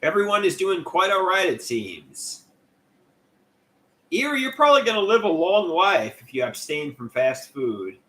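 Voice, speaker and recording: A man's voice: sits high, very animated, a little slow, a bit bright. A man hosting a casual livestream, rambling and chatty as he reads out viewer comments and greets them by name. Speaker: livestream host.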